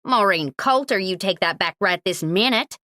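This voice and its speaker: A woman's voice: mid-range voice, lively intonation, moderate pace, dry recording, studio quality. A woman doing a feisty older lady. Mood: scolding. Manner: sharp, scolding, commanding.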